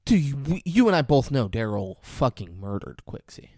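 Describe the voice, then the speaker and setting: Young male podcast co-host, average pitch, dry close sound, teasing and needling. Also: sing-song, normal speed, dark tone, no echo. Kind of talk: casual movie-review chat.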